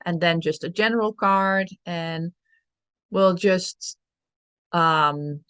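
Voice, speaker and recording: A woman co-hosting a casual spiritual chat show, speaking in a slow, drawn-out way and laughing often. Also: on the low side, fairly bright tone, clear, resonant tone, dry recording. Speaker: podcast co-host.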